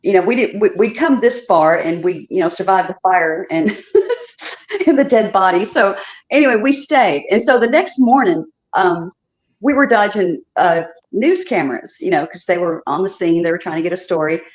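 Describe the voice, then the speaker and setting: A woman's voice: medium pitch, expressive, normal speed, muffled recording. A woman from Chicago calling in to a show, telling a story chattily with laughing asides. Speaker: caller. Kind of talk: casual storytelling on a call-in.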